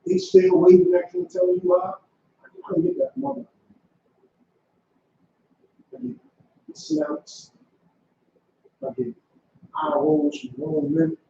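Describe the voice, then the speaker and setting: A man with an unusually high, gravelly voice preaches to a class in a commanding tone, hammering short demands over and over. His delivery swings up and down in pitch. He sounds far from the mic in a very echoey room, on a dull lo-fi recording. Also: sing-song, takes it slowly, long pauses, mellow, a little hiss or hum. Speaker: school leader teaching a class.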